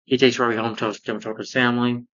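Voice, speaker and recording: A man's voice: medium pitch, little pitch movement, very fast, a bit bright, highs cut off. A man casually recapping and reviewing a cartoon episode, rambling along with lots of "you know" fillers.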